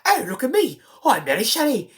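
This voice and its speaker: A reviewer putting on a high voice to mock an erratic woman character who flips between two personalities, shouting and then muttering nonsense. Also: huge pitch swings, fast talker, exaggerated voice. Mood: manic.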